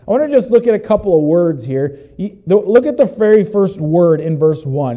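Animated high-voiced male preacher. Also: moderate pace. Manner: expository preaching, bursts of loud exclamation. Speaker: pastor. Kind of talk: sermon.

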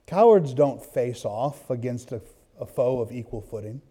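Animated male preacher, warm low tone. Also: moderate pace. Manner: animated, swinging from hushed to loud. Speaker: pastor. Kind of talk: sermon with storytelling.

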